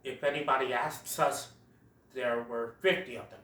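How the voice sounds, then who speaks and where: A movie reviewer voicing a gruff male sabre-tooth tiger from a cartoon film in a lowered voice, recorded in an echoey room away from the mic. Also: fairly even intonation, moderate pace, a bit bright, lightly acted. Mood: sheepish. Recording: roomy echo, distant from mic.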